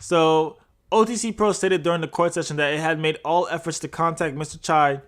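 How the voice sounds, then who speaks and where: A man's voice: fairly high pitch, steady tone, fairly quick, fairly bright tone. A man hosting a livestreamed crypto news show, reading articles aloud and breaking off into jokey, rambling asides. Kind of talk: casual livestream news commentary.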